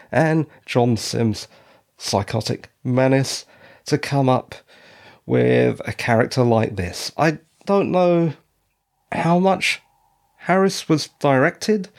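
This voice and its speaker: Guy doing a solo review show, slow deliberate talk, mid-pitched, dry critical tone. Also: creaky, darkish tone. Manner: opinionated, measured, dryly critical. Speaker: podcast reviewer.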